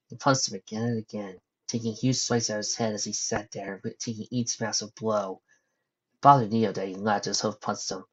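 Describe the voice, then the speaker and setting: A man's voice: lowish voice, flat delivery, fairly quick, breathy edge, highs cut off. A man reading a fan story aloud as narrator, breaking off for wry, sarcastic joking asides. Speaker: narrator and fanfic reader.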